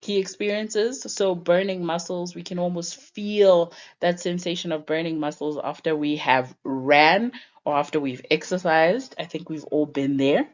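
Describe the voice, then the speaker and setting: Brief: young female teacher, unhurried lesson delivery, lowish voice, dull lo-fi sound. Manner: patient, explanatory, slow-paced. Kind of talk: lesson narration. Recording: dull lo-fi recording.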